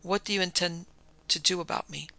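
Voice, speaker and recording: Scheming young woman, a man doing her: cool, calculating, gravelly, flat. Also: high-pitched, brisk, full character voice.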